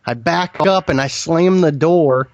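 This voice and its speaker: As an interview guest, a man earnestly recounts a frightening encounter in vivid first-person detail, often restarting his sentences. His voice is fairly high and a little slow. The recording is lo-fi, with no room sound.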